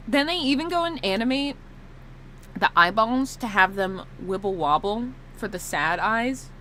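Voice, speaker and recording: A woman streamer chatting casually on a live stream. Her bright, fairly high voice swings widely in pitch as she laughs and fakes sobs. Faint ambience sits behind her. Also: a little slow, slight background noise. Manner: animated, laughing, mock-sobbing, swearing.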